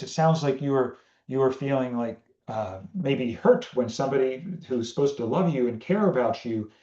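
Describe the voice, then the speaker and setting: In a reverberant, lo-fi recording, a podcast host with a medium-pitched voice explains a family communication tool. His casual teaching talk is animated, and he acts out conversations with his daughter.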